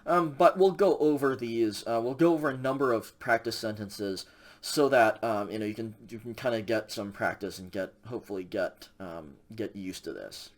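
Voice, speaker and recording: A man's voice: fairly low pitch, moderate pace. Casual man teaching a Greek lesson. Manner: casual, many fillers and checks like "okay?". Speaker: Greek instructor. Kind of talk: recorded lecture.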